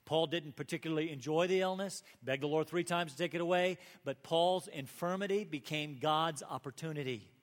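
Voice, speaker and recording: A man preaching a sermon as pastor, earnest, rising to emphatic peaks and dropping to soft asides. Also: a little high, brisk, hardly any pauses. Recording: long hall reverb.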